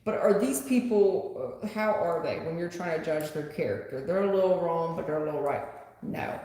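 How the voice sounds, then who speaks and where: On a live stream, a woman reads tarot and chats bluntly with viewers, her mellow voice on the low side and at normal speed. She addresses the chat directly, and the room is echoey with long reverb.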